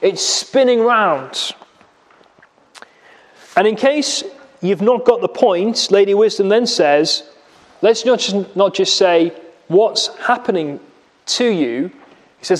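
A man's voice: sits high, animated, unhurried, big-room sound. A man preaching a sermon in a church, explaining a passage with rhetorical questions and vivid retelling.

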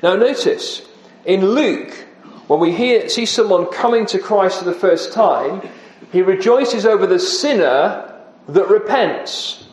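A man's voice: high voice, expressive, takes it slowly, echoey room, rough recording. A man preaching an earnest expository sermon, often dropping his voice for emphasis.

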